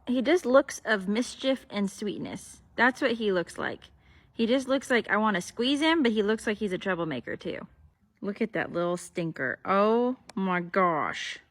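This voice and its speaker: A woman's voice: mid-range voice, fairly bright tone. A woman filming her foals in a barn, gushing at them in casual baby talk. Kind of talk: casual vlog talking to foals. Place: horse barn and arena.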